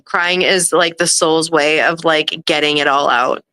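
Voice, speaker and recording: A woman in her thirties, co-hosting a casual livestream chat, talking bluntly with frequent swearing and warm encouragement. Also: sits low, steady tone, a little slow, no echo, rough recording. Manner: blunt, profane, supportive. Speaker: livestream co-host.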